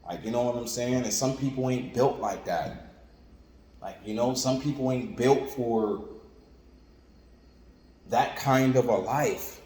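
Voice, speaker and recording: A man preaches an informal sermon, conversational and repetitive, leaning heavily on "like" and "you know what I'm saying." His mid-range voice has a dark tone, and he speaks slowly with long pauses. The room is echoey, with long reverb and faint ambience.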